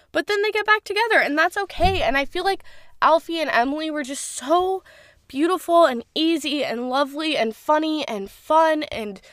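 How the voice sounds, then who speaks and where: A woman's voice: high voice, clean tone, no echo, studio quality. A young woman reviewing a series in a casual, gushing way, full of "like" and the odd swear word. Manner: gushing, animated, heavy use of "like", swears casually. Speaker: show reviewer.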